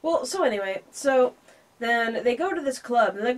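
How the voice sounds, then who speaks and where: Fast-talking sardonic woman reviewer. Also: a little high, animated. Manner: fast, sardonic, acts out characters' lines. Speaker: co-host film reviewer. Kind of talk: casual movie review chat.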